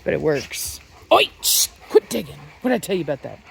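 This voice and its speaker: A woman vlogging casually in a rural yard, chatting to the camera and breaking off to shout sharp commands at her dogs. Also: low-pitched, very animated, brisk, gravelly, slight background noise. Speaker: dog breeder and vlogger. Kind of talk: casual vlog narration.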